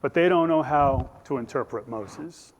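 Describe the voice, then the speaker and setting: Joking pastor, echoing church. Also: male voice, medium pitch, measured pace. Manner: conversational, jokey, acts out the scripture voices. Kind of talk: sermon. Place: church sanctuary. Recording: church hall reverb.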